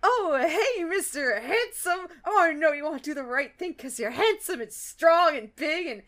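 A shy, nervous female pegasus pony from a cartoon, put on by a woman. She flirts clumsily and stammers. Her voice is pitched up high and rises and falls widely. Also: lively intonation, normal speed, fairly bright tone. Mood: flustered. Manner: timid, flustered flirting.

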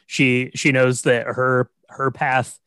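A man's voice: mid-range voice, little pitch movement, slow pace, a bit bright, clear, resonant tone, dry recording. A man co-hosting a podcast, steadily explaining a film's plot and often checking in with his partner. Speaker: podcast co-host. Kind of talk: casual chat recapping a film.

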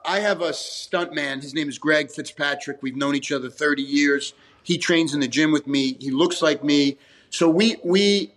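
A man's voice: a little high, a bit bright. A man, an actor guest talking casually in an interview, rambling with restarts and frequent swearing. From New York, USA.

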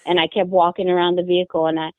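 A woman's voice: lowish voice, level tone, no echo. Distressed woman on a tinny phone line. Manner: halting, repeats words, distressed. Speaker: mother of a missing daughter, interviewee. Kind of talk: emotional interview account.

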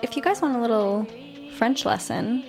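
A woman's voice: on the high side, expressive, normal speed, creaky, music in the background. Woman co-host chiming in casually. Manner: brief reactions, casual explaining. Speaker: podcast co-host. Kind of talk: casual chat.

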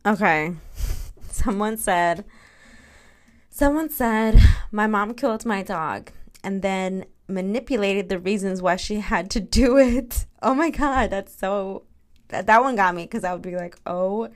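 A young woman hosting a podcast on her own, telling her dreams in a candid, animated way, with frequent laughs and swearing. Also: mid-range voice, unhurried. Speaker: podcast host. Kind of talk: casual solo podcast chat.

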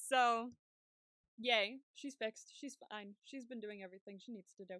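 Bright chatty young woman podcaster. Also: on the high side, moderate pace, no echo, clean studio sound. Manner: chatty, laughs often, acts out her own reactions. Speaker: podcast co-host. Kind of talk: casual chat.

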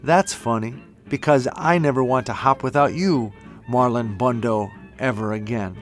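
A man voicing a gentle young male bunny in a storybook reading. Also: medium pitch, moderate pace, soft background music, natural voice. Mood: tender.

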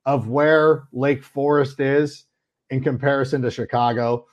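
A man's voice: mid-range voice, steady tone, measured pace, highs cut off. A man hosting a sports podcast, rambling through self-mocking stories in casual chat. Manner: rambling, self-deprecating storyteller. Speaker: podcast host.

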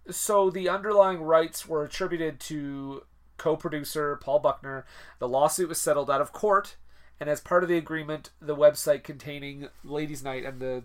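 Male podcast co-host, relaxed and hesitant, raised pitch, easy conversational delivery. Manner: relaxed, rambling, hesitant with fillers. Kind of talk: casual film-discussion chat.

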